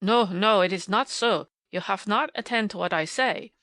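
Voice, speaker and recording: A woman's voice: medium pitch, sing-song, normal speed, pushed and bright, no echo. A woman voicing a kindly, stout middle-aged male professor who speaks emphatically in a storybook reading. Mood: exasperated.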